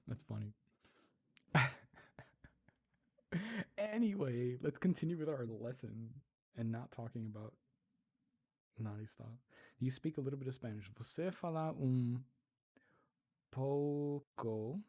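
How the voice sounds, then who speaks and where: A man hosting a casual livestream, reading viewer comments aloud, laughing often and sounding out foreign words slowly. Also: mid-range voice, lively intonation, gravelly, a little mellow. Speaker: livestream host. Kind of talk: casual livestream chat while learning a language.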